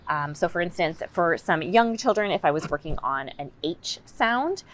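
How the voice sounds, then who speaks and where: A woman's voice: lowish voice, expressive, normal speed, fairly bright tone, a little hiss or hum. A woman speech and language assistant, explaining practice tips in a conversational way. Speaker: communicative disorders assistant.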